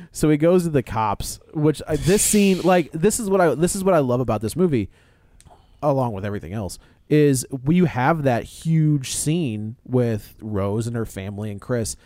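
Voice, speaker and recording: A man's voice: medium pitch, animated, normal speed, warm tone, dry recording. A man talking casually about a film, walking through its scenes and acting out characters' lines. His voice sits in a medium register and is recorded close and dry, with no room sound.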